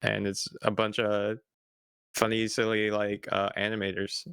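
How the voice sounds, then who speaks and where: A young man chatting casually on a stream, easygoing and quick to laugh. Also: lowish voice, completely flat delivery, gravelly, a bit bright, smooth, no room sound. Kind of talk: casual chat.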